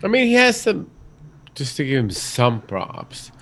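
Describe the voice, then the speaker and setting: A man in a casual movie chat, recapping the plot in a relaxed, offhand way and swearing casually. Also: medium pitch, unhurried, vocal fry. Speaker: podcast co-host.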